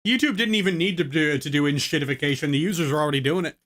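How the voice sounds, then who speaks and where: Male streamer; laid-back, rambling, swears, slightly high pitch. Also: very fast, fairly bright tone. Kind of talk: casual reaction commentary.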